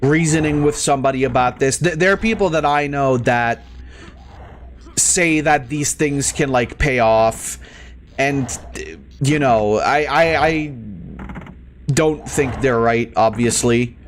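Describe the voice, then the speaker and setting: A man's voice: mid-range voice, slow pace, slight background noise. A man ranting heatedly in casual talk while playing a game, swearing often and stumbling over his words. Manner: exasperated, heated, heavy swearing; stammering restarts. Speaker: gaming streamer.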